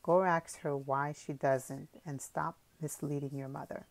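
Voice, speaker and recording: A chattering village mother, tearful and excitable, rambling on in an audiobook story, put on by a woman narrator. The voice sits low. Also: unhurried, creaky, no echo, low-quality recording. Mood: teasing.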